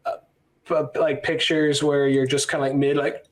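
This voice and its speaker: Male podcast co-host, easygoing, halting casual speech. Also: on the high side, a crowd in the background. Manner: relaxed, halting, with many restarts. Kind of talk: casual chat.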